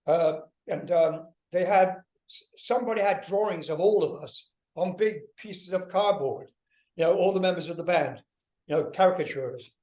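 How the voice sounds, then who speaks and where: A man's voice: high voice, normal speed. An older man, a guest musician, telling stories in a casual interview, swearing freely and acting out other people's voices. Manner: animated, swears freely, acts out voices in anecdotes.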